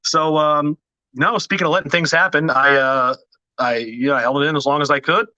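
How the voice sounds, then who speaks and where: A man hosts a podcast, telling self-deprecating stories with a joking, easygoing delivery. His voice is strikingly bright and sharp, sitting slightly high. The recording is close and completely dry. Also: steady tone, brisk, no room sound, lo-fi sound. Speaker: podcast host. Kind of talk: casual podcast chat.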